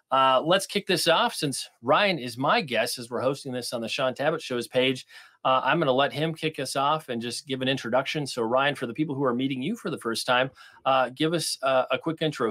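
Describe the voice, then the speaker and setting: Relaxed middle-aged man hosting a class. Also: mid-range voice. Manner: relaxed, many "uh" fillers. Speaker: podcast host. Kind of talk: live online class.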